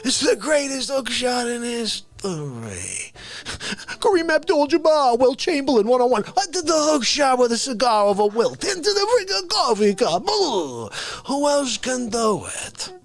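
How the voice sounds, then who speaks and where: A man voicing a shrill, indignant man who shouts and brags about a trick shot. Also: sing-song, unhurried, creaky, faint music behind, exaggerated voice. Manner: outraged, shouting, boastful.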